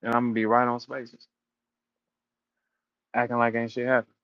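Man, mid-pitched, taunting, profane, storytelling, dull dry lo-fi audio. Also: completely flat delivery, moderate pace, fairly bright tone, dry recording. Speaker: battle rap show host. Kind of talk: casual live audio-room rant.

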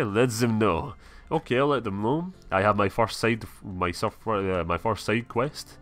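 Man, gameplay commentary, fairly low voice, swears and reads game text, webcam mic. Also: normal speed, fairly bright tone, faint music behind. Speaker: gameplay streamer.

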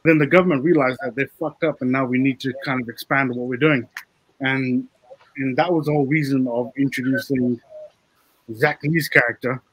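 A man's voice: medium pitch, moderate pace, slightly rough, no echo, poor audio. A man, a film director, chatting casually in an interview and explaining how the story came together. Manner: relaxed, explains, quotes others.

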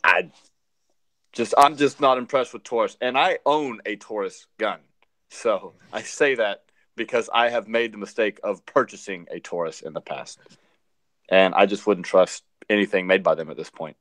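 A man's voice: fairly low pitch, normal speed, a bit bright, no echo. A man co-hosting a podcast in casual chat, blunt and opinionated, often repeating words. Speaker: podcast co-host.

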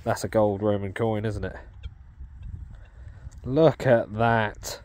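Out in a farm field, an English metal detecting vlogger gives excited commentary into a camera mic, breathless and exclaiming in disbelief. His voice is on the low side, slow and steady with a darkish tone, over faint outdoor background noise.

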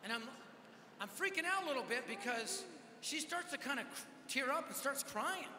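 A man preaching a sermon at a large event, telling a story with energetic, self-mocking humor. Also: very high-pitched, moderate pace, background noise. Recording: echoey hall with live reverb.

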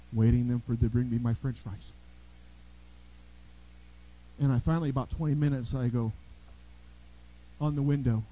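A male pastor preaching a sermon in a church, telling everyday stories with lively emphasis and frequent restarts. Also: mid-range voice, low-quality recording. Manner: animated storytelling preacher, repeats and restarts words. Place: church sanctuary.

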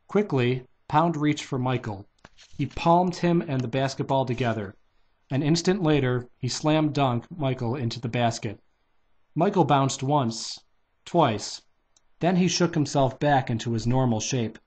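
A man's voice: medium pitch, unhurried, a little mellow. A man casually reading a children's novelization aloud, barely changing his voice for the characters.

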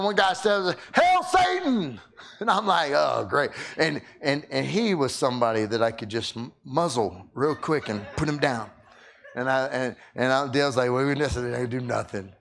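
A man's voice: fairly high pitch, fairly bright tone. A man preaching a sermon, telling a story and often repeating words as he starts his sentences.

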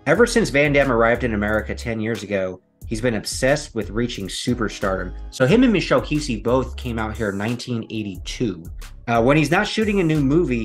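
Laid-back low-voiced man reading and commenting. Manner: laid-back, chatty asides between read passages. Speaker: video host. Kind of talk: reading a magazine article aloud with casual commentary.

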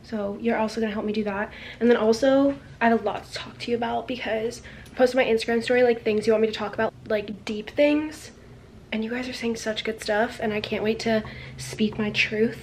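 A woman's voice: on the high side, steady tone, brisk, darkish tone, slight background noise. A young woman talking casually to the camera in a vlog, chatty and candid, with lots of "like" fillers. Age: young adult. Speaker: vlogger.

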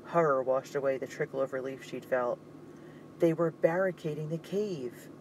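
Man, audiobook narrator, steady suspense reading, higher pitch. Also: moderate pace, a little hiss or hum, poor audio.

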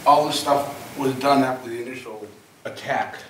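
A man's voice: medium pitch, fairly even intonation, normal speed, a bit bright. A hesitant man raises questions at a public hearing, his voice sounding distant and roomy. The echo and faint hiss suggest a mic some way off in a hall. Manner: hesitant, unsure. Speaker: complainant's son.

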